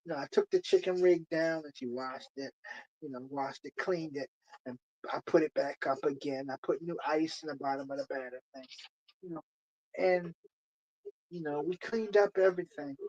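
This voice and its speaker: Streamer, male, slightly high voice, rambling story, lo-fi sound. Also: normal speed, darkish tone. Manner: rambling, repeats phrases, many "you know"s. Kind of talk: casual storytelling.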